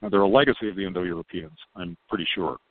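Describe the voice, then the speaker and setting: Calm low-voiced man on a tinny line. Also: dry recording. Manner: calm, unhurried explaining. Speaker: podcast guest. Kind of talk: casual podcast conversation. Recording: tinny phone-line sound, dry.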